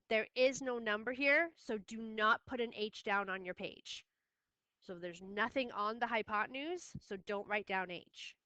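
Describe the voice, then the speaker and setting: Firm, bright-voiced woman math teacher. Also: a little high, clean tone, no echo, muffled recording. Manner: firm, repeats key steps. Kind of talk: classroom lesson recording.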